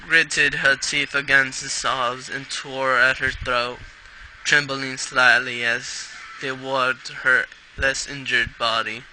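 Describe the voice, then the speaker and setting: A man reading a fan story aloud in a put-on British accent, slowly, now and then stumbling over words. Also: mid-range voice, level tone, pushed and bright, a little hiss or hum, low-quality recording. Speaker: fanfic reader.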